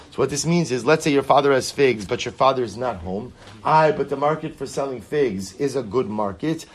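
Male Talmud teacher, mid-range voice, animated explainer who keeps asking "right?". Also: medium pitch, husky. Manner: animated, rhetorical questions, repeats phrases. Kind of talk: Talmud class, reading Aramaic and translating.

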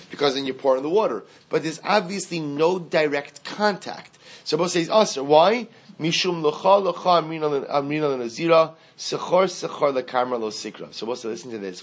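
Male Talmud teacher, mid-pitched, singsong study cadence, repeats himself, asks and answers his own questions. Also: slightly rough. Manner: explains in a singsong study cadence, mixing Aramaic and Hebrew terms. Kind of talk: Talmud class lecture.

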